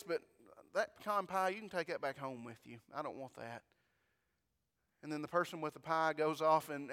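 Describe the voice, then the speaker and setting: A male pastor preaches in a clear, high voice, speaking to the congregation with folksy rhetorical questions and frequent restarts. His voice rings out with a long reverb from the church sanctuary. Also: a bit bright. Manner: conversational preaching, repeats words, rhetorical questions. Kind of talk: sermon.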